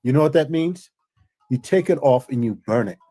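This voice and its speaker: A man's voice: mid-range voice, expressive, moderate pace, mellow. A man chatting as a guest on a casual livestream, joking and repeating his phrases. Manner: jokey storyteller, repeats phrases.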